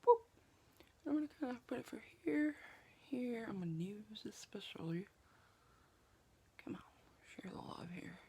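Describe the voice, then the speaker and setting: A woman's voice: on the high side, animated, moderate pace, long pauses, dark tone, husky. A woman chatting through a makeup tutorial, joking at her own expense and slipping into whispers as she applies products. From Southeast Oklahoma, US. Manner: chatty and self-joking, drops to a whisper while applying products. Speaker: beauty vlogger. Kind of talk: casual makeup tutorial chat. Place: home makeup table with window open.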